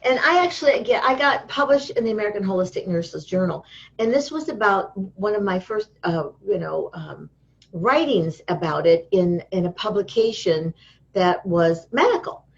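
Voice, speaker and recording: A woman guest in an interview, telling stories in a lively way and acting out the voices of the people she quotes. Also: mid-range voice, normal speed, gravelly. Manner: lively storyteller who acts out quoted voices. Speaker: interview guest, healing teacher. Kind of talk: casual interview talk. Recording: dull lo-fi sound.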